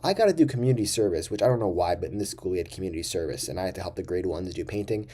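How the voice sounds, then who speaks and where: A young man with a fairly low, dark, mellow voice tells a story straight to camera. He rambles, swears freely and exaggerates for comic effect in a loose vlog style. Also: animated, rapid-fire, a little hiss or hum. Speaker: vlogger.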